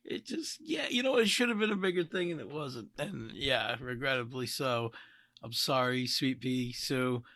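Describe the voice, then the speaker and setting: A man's voice: mid-range voice, expressive, moderate pace, a bit bright, no echo, studio quality. A man co-hosting a comedy podcast, chatting in a playful, giggly, self-mocking way. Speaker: podcast co-host. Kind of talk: casual chat.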